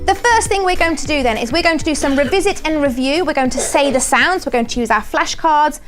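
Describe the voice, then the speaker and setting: A woman with a southern English accent teaching phonics to a class of young children, speaking clearly and encouragingly and sounding words out slowly. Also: high-pitched, music in the background. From southern England. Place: primary school classroom.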